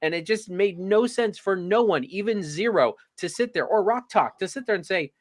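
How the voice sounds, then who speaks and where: A man's voice: high-pitched, expressive, normal speed. A man in a casual review chat, stammering and repeating words as he vents his frustration.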